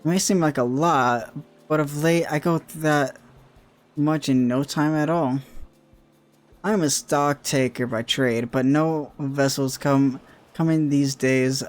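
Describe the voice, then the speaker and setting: A man's voice: on the high side, fairly even intonation, slow pace. Man voicing a weary stock taker, hungry, plodding, restarting lines, faint music behind. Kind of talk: reading game dialogue aloud.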